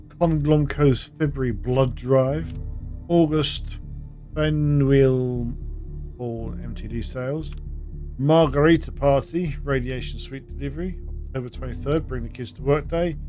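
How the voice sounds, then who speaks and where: A man's voice: fairly high pitch, darkish tone. A man giving casual, chatty gameplay commentary, thinking aloud as he plays. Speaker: gaming channel host.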